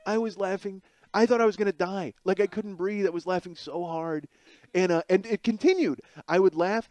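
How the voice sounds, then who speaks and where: A crude, rambling man in his forties, a comedian from around Chicago who tells stories full of asides. His voice sits a little high for a man. The recording is close and dry, with no room sound. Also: a little mellow, no room sound. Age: 40s. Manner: rambling, crude, fond of asides like "you know what I mean". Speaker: stand-up comedian and podcast host. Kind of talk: profane comic storytelling monologue.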